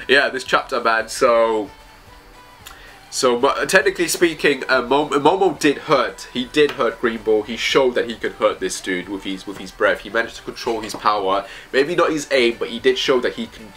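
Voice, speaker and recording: A man's voice: fairly low pitch, pushed and bright. A man reviewing manga chapters in casual commentary, reading panels aloud in loose, slangy phrasing.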